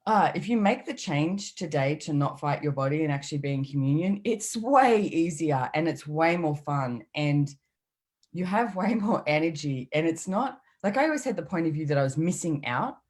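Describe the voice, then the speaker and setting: A woman's voice: low voice, expressive, normal speed, a little mellow. A middle-aged woman speaking in a casual, chatty way as a podcast guest, acting out her inner voices as she talks. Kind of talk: casual chat.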